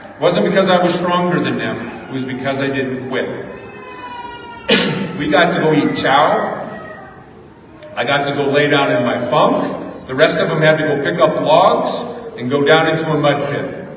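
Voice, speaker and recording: A man's voice: a little high, moderate pace, long pauses, a crowd in the background. A middle-aged man giving a motivational graduation speech, telling a story and repeating words for emphasis. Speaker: graduation speaker. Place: large hall at a ceremony. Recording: echoey hall from far off.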